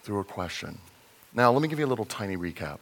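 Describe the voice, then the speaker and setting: A man preaching a sermon in a conversational way, slowing to stress points, with fillers and restarts. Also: fairly low pitch, big pitch swings, fairly bright tone. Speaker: pastor. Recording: long reverb in a large hall.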